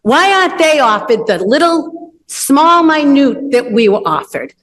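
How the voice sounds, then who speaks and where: A woman in her fifties speaks as a teacher at a public meeting, pleading and emotional, firing rhetorical questions. Her voice sits high. It rings with long reverb through a large council chamber. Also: sing-song, unhurried, hardly any pauses, a bit bright. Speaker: teacher giving public comment. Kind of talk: impassioned public comment.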